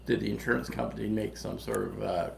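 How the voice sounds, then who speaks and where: A man co-hosting a casual chat, speaking haltingly with many pauses and restarts. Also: lowish voice, steady tone, gravelly, darkish tone. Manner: halting, full of ums and restarts. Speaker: co-host. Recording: echoey room with faint background noise.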